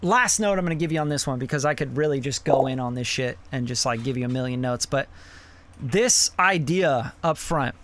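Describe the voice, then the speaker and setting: A man's voice: medium pitch, expressive, a little fast, fairly bright tone. A man hosting a live song review, giving blunt, profane mixing feedback in a casual, rambling way. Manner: blunt and profane, with many fillers like "you know".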